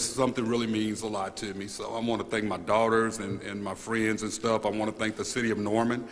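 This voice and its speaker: A man speaking as a newly named police chief at a press conference, halting and earnest, repeating words and choked up with emotion. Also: on the low side, fairly even intonation, a bit bright. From United States. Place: large hall at a press event. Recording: reverberant hall, faint room noise.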